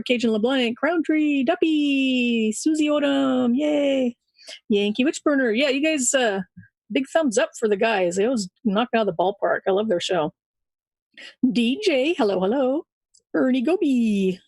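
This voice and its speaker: A woman's voice: a little high, a little mellow, no echo. A woman hosting a live show, cheerfully greeting listeners by name and laughing often. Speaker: show host reading out chat names. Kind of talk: casual live-stream chat.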